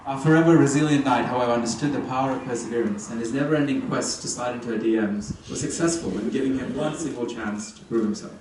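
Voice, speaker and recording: A man's voice: mid-range voice, fast talker, hardly any pauses. A young man giving a humorous, teasing wedding speech about the couple. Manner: playful, teasing storytelling. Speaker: wedding ceremony speaker. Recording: echoey distant venue sound with ambient noise.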